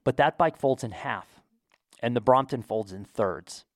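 A man's voice: medium pitch, a little slow, dry recording, clean studio sound. An American man telling an enthusiastic, chatty story to his viewers in a casual vlog. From United States. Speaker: vlogger. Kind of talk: casual talk to camera.

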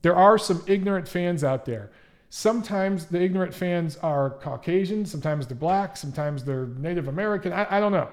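A man hosts a casual livestream and reads out viewer comments, talking in a conversational, emphatic way with frequent restarts. His voice sits a touch higher than most men's. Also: fairly quick. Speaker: livestream host and boxing writer.

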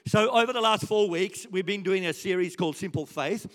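A man in his sixties preaching and telling stories, his voice rising loud and dropping soft as he goes. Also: high voice, fairly quick, hardly any pauses. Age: 60s. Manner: animated storytelling, swings from loud to soft. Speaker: pastor. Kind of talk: sermon. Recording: reverberant church hall.

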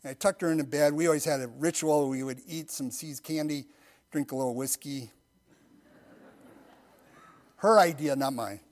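Soft-spoken middle-aged man preaching. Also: on the high side. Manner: soft-spoken, intimate storytelling that drops to near-whispers; slow, earnest prayer cadence. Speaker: pastor. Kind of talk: sermon with personal story and prayer.

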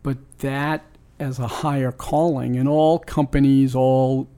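A man's voice: mid-range voice, little pitch movement, a little slow, dark tone, clear, resonant tone. A man in his sixties from New York, a sports team owner, tells a personal story in an interview. He is reflective and earnest and often restarts his sentences. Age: 60s.

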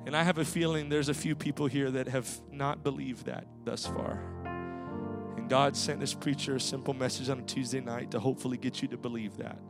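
A male pastor preaching a sermon in a church, swinging rhythmically from loud to hushed. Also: medium pitch, steady tone, a little fast, gravelly, over music. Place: church sanctuary.

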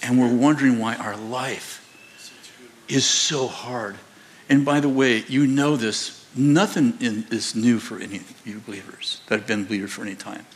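A man preaching a sermon as a pastor, telling stories in an animated way, laughing often and acting out the voices. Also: mid-range voice, moderate pace. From United States. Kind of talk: sermon with storytelling. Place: large church auditorium.

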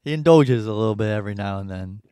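A man's voice: fairly low pitch, animated, dark tone, smooth, no room sound, studio quality. A young man co-hosting a podcast, cutting in with sarcastic jokes and quips. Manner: quick sarcastic interjections, joking. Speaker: podcast co-host. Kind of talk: casual banter.

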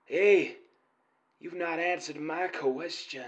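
A man playing a prank caller who impersonates a famous male boxer, slow and quarrelsome. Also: a little high, muffled recording. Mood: indignant.

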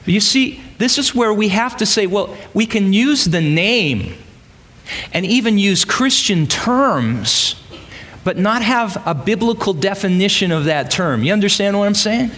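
A man's voice: high voice, expressive, measured pace, a bit bright. A man preaching a sermon in a church, emphatic and full of rhetorical questions to his congregation. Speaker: pastor. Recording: long reverb of a large hall.

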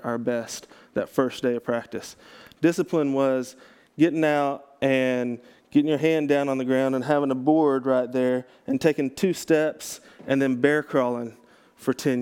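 A man's voice: mid-range voice, darkish tone, clean tone. A man from Texas, a pastor, giving a casual teaching talk to a group, chatty and self-correcting, with joking asides.

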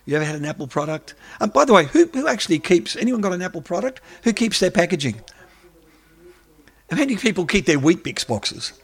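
Man, slightly high voice, lecturing a crowd, lots of questions thrown out. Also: brisk, slightly rough. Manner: lively, rhetorical questions to the audience. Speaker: academic speaker. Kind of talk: lecture with audience Q&A.

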